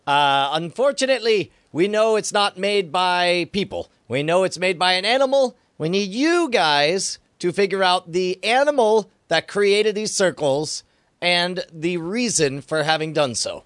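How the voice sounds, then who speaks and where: A man's voice: high-pitched, expressive, a bit bright, no room sound. A man hosting a casual comedic news chat, laughing often and stumbling through his lines as he reads out quotes. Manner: giggly, halting, reads quotes aloud with laughs. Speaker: podcast host.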